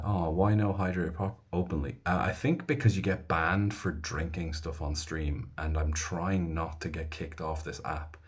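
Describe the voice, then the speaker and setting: An Irish man talks casually on a live stream, rambling as he reads out viewer comments. His voice sits low, with a husky edge. He speaks as an audiobook narrator answering his fans.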